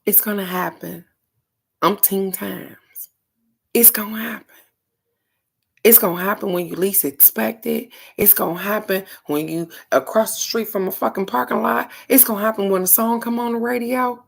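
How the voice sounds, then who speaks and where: A woman's voice: mid-range voice, fairly even intonation, normal speed, gravelly. A middle-aged woman doing a casual card-of-the-day reading, talking in a frank, earnest way with the odd swear. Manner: frank, earnest, occasionally profane. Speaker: oracle card reader.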